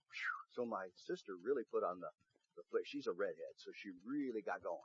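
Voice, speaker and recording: A man's voice: on the low side, animated, fairly quick, husky, no echo. A male pastor preaching a sermon, telling an earnest personal story. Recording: dull recording with faint hum.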